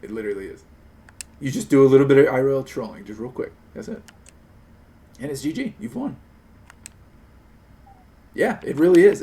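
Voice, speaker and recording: A male streamer chatting live and talking his friend into a plan, animated and persuasive, with plenty of swearing. His voice sits at an ordinary pitch for a man. A faint hiss runs under the recording. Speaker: streamer host. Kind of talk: casual chat on a live stream.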